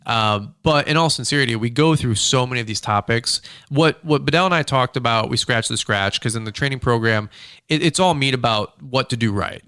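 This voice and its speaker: A male podcast host with a lawn care business, telling stories in an excitable, slangy way, full of bursts and restarts. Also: mid-range voice, a little fast, smooth, no room sound, studio quality. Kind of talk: casual storytelling chat.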